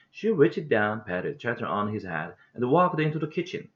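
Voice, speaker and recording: A man's voice: mid-range voice, very animated, moderate pace, hardly any pauses. A man with a Korean accent, a father reading an English children's book aloud at home, carefully and steadily, lightly voicing the characters. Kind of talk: storybook read-aloud. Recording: dull lo-fi home recording.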